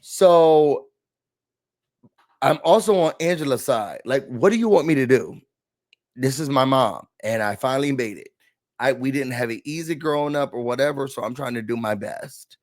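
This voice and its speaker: A man hosting a casual reality TV recap, talking in an animated, dramatic way with slangy asides. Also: mid-range voice, normal speed.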